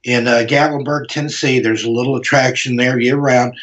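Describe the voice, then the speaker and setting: A man's voice: mid-range voice, fairly even intonation, fairly quick, fairly bright tone. Hesitant man, muffled lo-fi sound. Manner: hesitant, filler-heavy. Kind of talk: casual chat. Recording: muffled lo-fi audio.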